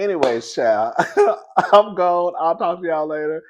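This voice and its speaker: Guy doing a storytime vlog, super expressive voice, keeps laughing and saying girl. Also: on the high side, measured pace, dull audio, a little hiss or hum. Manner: animated, laughs often, keeps calling listeners "girl". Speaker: vlogger telling a story. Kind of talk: casual storytime monologue.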